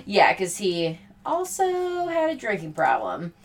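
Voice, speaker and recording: A woman's voice: mid-range voice, a little slow, far from the mic. A woman co-hosting a podcast, chatting casually and swearing as she recaps a film. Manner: animated, swearing, laughing, quoting characters. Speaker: podcast co-host.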